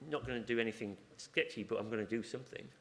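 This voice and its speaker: A man's voice: medium pitch, fast talker, slight background noise. A man giving an informal conference talk, chatty and rambling, breaking off into asides and restarting his sentences. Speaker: conference speaker. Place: conference room.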